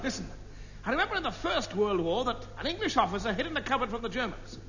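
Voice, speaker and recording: An actor playing an excitable, giggly, bumbling young army officer hero in a 1950s radio comedy. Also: male voice, very high voice, quick pace, noisy background, heavily acted. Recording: muffled old broadcast with hall echo, music.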